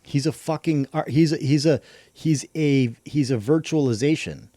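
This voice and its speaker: A man with a somewhat high, warm voice hosts a livestream at a moderate pace, rambling casually through conspiracy theories with plenty of swearing and slang. The sound is dry and studio quality.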